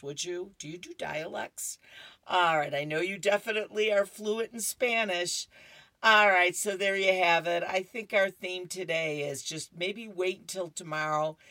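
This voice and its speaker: A woman's voice: on the low side, a bit bright, no room sound. A woman radio reader going through horoscopes and comic strips, with chatty asides and laughter at the jokes.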